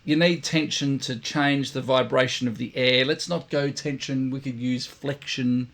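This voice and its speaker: A man gives a casual trumpet lesson on video in a steady, measured, slightly bright mid-range voice. He restates his points and demonstrates by vocalizing buzzes.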